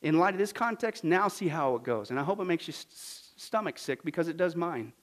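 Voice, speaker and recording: A man preaching a sermon as a pastor, emphatic and indignant, swinging between low quiet stretches and loud forceful outbursts with repeated phrases. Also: animated, fairly quick.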